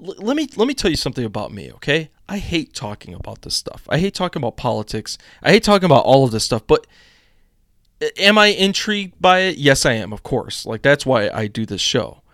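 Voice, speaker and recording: A man's voice: medium pitch, big pitch swings, brisk, fairly bright tone, no echo, clean studio sound. A young man from the United States hosting a casual political live stream, reading news aloud with rambling chatty asides.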